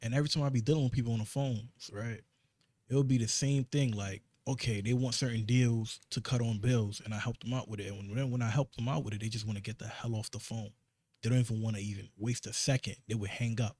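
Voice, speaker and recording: A man of medium pitch and fairly even intonation co-hosts a casual podcast, his voice a little mellow and free of room sound. With a New York accent, he tells work stories fast and emphatically from the podcast studio, restarting sentences again and again.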